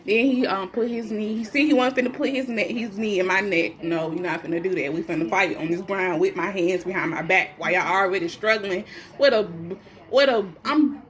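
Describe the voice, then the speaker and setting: A pregnant woman speaks briskly in a medium-pitched, somewhat bright voice, telling her own story casually. Blunt and defiant, she curses freely and performs other people's lines with shifted voices.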